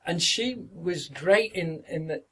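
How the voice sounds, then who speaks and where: Older Yorkshire man, husky voice. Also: a little high, expressive, slow, sharp tone, poor audio. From Yorkshire, northern England. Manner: rambling, repeats words, acts out others' lines. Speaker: actor, podcast guest. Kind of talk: anecdotal interview reminiscence.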